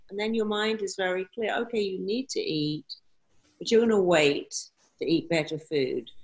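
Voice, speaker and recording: A woman answering interview questions, lively and acting out quoted phrases. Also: low voice, gravelly, rough recording. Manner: animated, acts out quoted phrases. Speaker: therapist guest.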